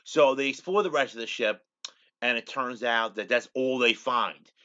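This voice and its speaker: Guy rambling thru an episode recap, bright tense voice, kinda dull lo-fi sound. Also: mid-range voice, moderate pace, smooth. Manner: rambling, repeats "he goes" constantly. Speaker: show host.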